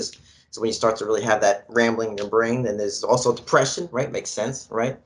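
A man's voice: on the low side, flat delivery, moderate pace. A man co-hosting a podcast, loosely explaining an idea to listeners with lots of fillers. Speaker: podcast co-host. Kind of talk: casual podcast chat.

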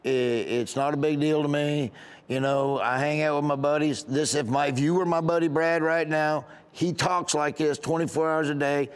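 A middle-aged man with a Southern US accent, a comedian telling stories in a casual interview, rambling and animated. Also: on the high side, moderate pace, clean tone. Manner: rambling, animated, acts out other voices. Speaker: comedian guest.

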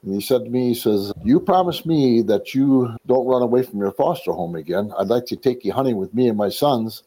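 A middle-aged man from Wisconsin gives a personal testimony, retelling his life in a storyteller's flow. His voice is mellow and warm, at an ordinary pitch for a man. He slips into the voices of the people he quotes and clears his throat now and then. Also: animated, fairly quick. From Wisconsin, USA. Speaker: ministry leader telling his life story.

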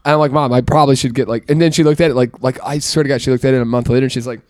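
A man hosting a casual chat among friends, telling animated, teasing stories. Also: medium pitch, dry recording, studio quality. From from an Irish Catholic family. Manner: fast, animated storytelling, teasing. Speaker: podcast host.

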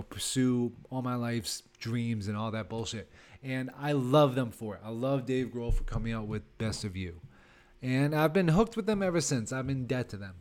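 A man's voice: mid-range voice, darkish tone. A man in his thirties, a comedian hosting a podcast, ranting in a casual, rambling, sarcastic way. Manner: rambling and sarcastic, with many fillers and laughs. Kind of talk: casual solo podcast rant.

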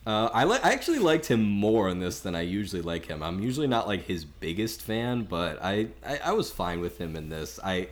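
Deep-voiced man reviewing a movie. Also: big pitch swings. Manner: chatty, measured, lots of "like" and "um". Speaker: podcast co-host. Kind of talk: casual film review chat.

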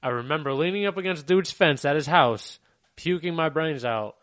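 A young man co-hosting a podcast, chatting casually with lots of swearing and animated quoted voices. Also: fairly high pitch, moderate pace, no echo. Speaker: podcast co-host. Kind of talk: casual chat.

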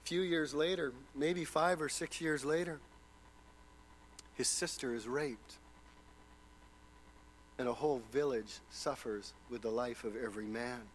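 High-voiced man preaching dramatically. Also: a bit bright, slight background noise, low-quality recording. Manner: dramatic storytelling with rhetorical questions. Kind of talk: sermon.

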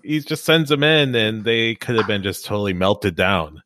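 A man's voice: lowish voice, animated, moderate pace, sharp tone, no echo, clean studio sound. A man hosting a casual podcast chat, rambling and loose, with many fillers. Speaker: podcast host.

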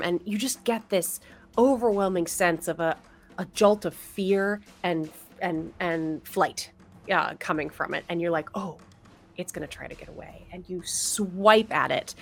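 A woman's voice: mid-range voice, unhurried. A woman running a tabletop game, narrating the action and patiently explaining the rules. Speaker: game master.

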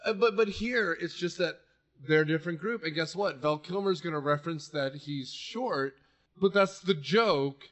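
A man's voice: on the high side, moderate pace. A man co-hosting a casual movie podcast, joking and rambling through his points. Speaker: podcast co-host.

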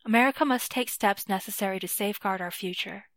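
A woman's voice: mid-range voice, fast talker, a bit bright, dry recording, close to an everyday voice. A woman voicing a male president with a clipped, nasal delivery, in a dry recording. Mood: solemn.

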